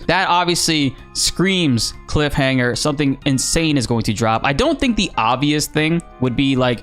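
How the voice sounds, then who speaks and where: A man giving casual, animated commentary on gaming news, excitable and slangy, swearing freely. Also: medium pitch.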